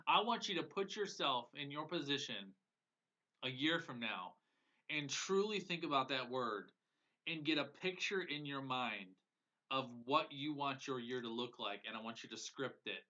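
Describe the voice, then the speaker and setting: A man's voice: mid-range voice, animated, normal speed, bright, forceful tone. A man coaching viewers on a live broadcast in an earnest, emotional way, often repeating phrases for emphasis. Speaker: business coach. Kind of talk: live-streamed motivational coaching. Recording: dull lo-fi audio.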